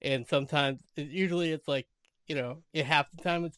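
A man's voice: on the high side, a little fast, a bit bright, clear, resonant tone, dry recording, clean studio sound. A man, chatting casually as a podcast co-host, laughing easily and quoting characters in playful voices. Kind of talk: casual chat recapping a TV episode.

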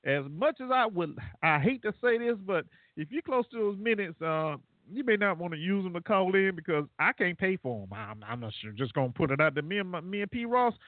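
A man's voice: high-pitched, lively intonation, a little fast, few pauses, dry recording. A man hosting a casual call-in talk show, rambling and laughing at his own jokes. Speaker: radio show host. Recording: dry, phone-like internet radio line.

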